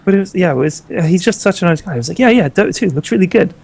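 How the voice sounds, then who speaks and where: Quick British guy, middle pitch, chatty community host who rattles through his thoughts. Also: expressive, gravelly, darkish tone, slightly rough. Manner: rapid, thinks aloud with rhetorical questions, swears. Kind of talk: casual panel chat.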